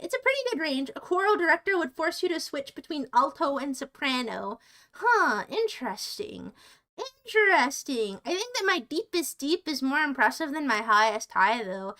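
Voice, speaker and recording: A woman streamer chats casually to her viewers in a high, bright voice. She rambles playfully, stopping and restarting her sentences as she goes. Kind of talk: casual livestream chat.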